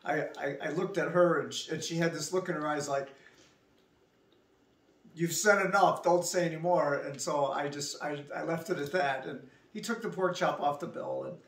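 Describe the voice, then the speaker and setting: A woman's voice: deep voice, fairly quick, hardly any pauses. A woman telling a restaurant story in a casual vlog, acting out both sides of the conversation herself. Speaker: vlogger. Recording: echoey room, voice from a distance.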